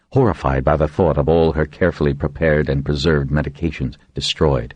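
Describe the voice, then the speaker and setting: Deep-voiced man reading an audiobook. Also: fairly quick, hardly any pauses, husky, dry recording. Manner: reads with lively, varied intonation and raises his pitch for voiced quotes. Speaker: audiobook narrator. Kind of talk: scripted narration.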